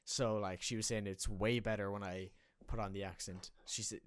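Young irish guy chatting, lowish voice, keeps restarting his sentences, dry close sound. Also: fairly even intonation, brisk, hardly any pauses, dry recording. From Ireland. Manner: rambling, self-correcting storyteller. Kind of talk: casual chat.

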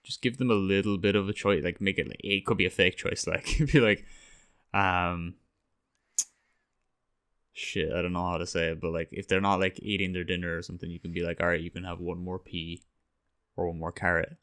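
A man's voice: deep voice, fairly even intonation, fairly quick, a bit bright, clean tone. A young man, chatting casually on a podcast, rambling, swearing and acting out quotes. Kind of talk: casual chat.

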